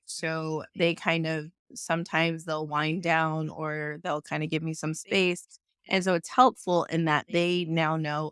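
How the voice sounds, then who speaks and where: Smooth clear woman host, chatty mom, asks long rambling questions, dry close sound. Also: deep voice, steady tone, unhurried, hardly any pauses, a bit bright, no echo. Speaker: podcast host, mother. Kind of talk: casual interview talk.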